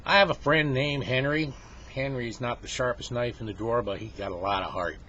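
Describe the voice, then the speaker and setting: A man's voice: medium pitch, bright, forceful tone, slight background noise. Folksy man telling a joke. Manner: folksy drawn-out storytelling with dramatic sound effects. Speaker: joke teller. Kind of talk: casual storytelling. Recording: dull lo-fi home recording.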